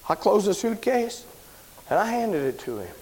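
A man preaching, telling a personal story in a sermon, animated and shouting at the big moments. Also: moderate pace. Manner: animated storyteller, shouts at high points, drops low and quiet when somber.

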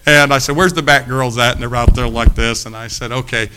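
A man preaching, telling a long story about himself in an animated, self-mocking way, acting out the quotes. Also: medium pitch, fairly quick, noisy background. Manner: animated anecdote with acted quotes, laughing at himself. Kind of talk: storytelling sermon.

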